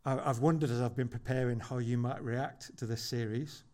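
A man preaching a sermon as pastor in church, conversational and wry with dry humorous asides, slowing down to land emphatic points. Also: mid-range voice, steady tone, dark tone. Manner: builds to slow, emphatic points.

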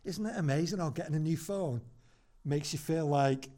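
A man preaching a sermon as pastor in church, conversational and wry with dry humorous asides, slowing down to land emphatic points. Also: fairly high pitch, mellow. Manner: builds to slow, emphatic points.

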